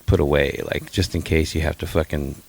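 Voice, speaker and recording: A man's voice: extremely low pitch, steady tone, brisk, vocal fry, a little mellow, breathy edge. A man co-hosting a podcast with his wife, chatting casually with joking asides. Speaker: podcast co-host, husband. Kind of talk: casual chat.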